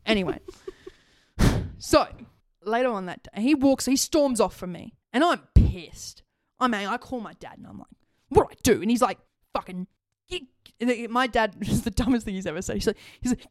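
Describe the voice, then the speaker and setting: A woman's voice: on the high side, expressive, moderate pace, dry recording, clean studio sound. A young woman telling a story in casual chat, laughing often and swearing. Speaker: podcast co-host.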